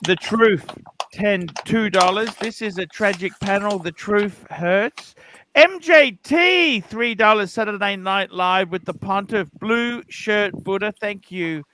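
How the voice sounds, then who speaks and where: A man hosting a casual livestream, teasing a caller with blunt, rapid-fire questions. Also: sits high, pushed and bright, a little hiss or hum, rough recording. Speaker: livestream host. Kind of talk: casual live-stream chat.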